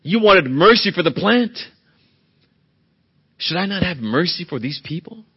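A man's voice: sits high, animated, a little slow, breathy edge, highs cut off. A male pastor preaching a sermon in an earnest, emphatic way, often asking the congregation rhetorical questions.

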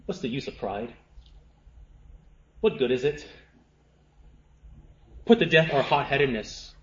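Man, preacher, slow fervent sermon, hushed to rising, reverberant room, muffled sound. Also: medium pitch, lively intonation, slight background noise. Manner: impassioned, swings from hushed to fervent; repetitive rhetorical questions.

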